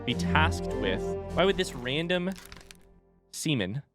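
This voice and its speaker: A man's voice: on the high side, big pitch swings, slow pace. A man hosting a game playthrough, thinking aloud and muttering as he works through a puzzle. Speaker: let's play host. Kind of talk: video game commentary. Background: game music.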